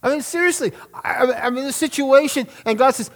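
A man's voice: very high-pitched, a little fast, gravelly, few pauses. A middle-aged man, preaching a sermon in an earnest, emphatic way and drawing out key words. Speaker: pastor.

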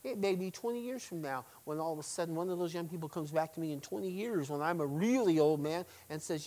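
A man's voice: a little high, fast talker, few pauses, poor audio. Middle-aged male pastor preaching emphatically. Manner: emphatic preaching, swings between loud stresses and quiet asides. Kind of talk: sermon.

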